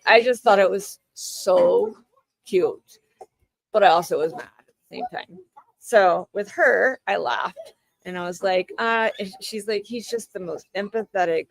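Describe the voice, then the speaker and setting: A woman's voice: fairly low pitch, creaky, no room sound, poor audio. A woman in her thirties hosting a livestream, telling a rambling everyday anecdote in casual chat and acting out the back-and-forth dialogue. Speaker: livestream host.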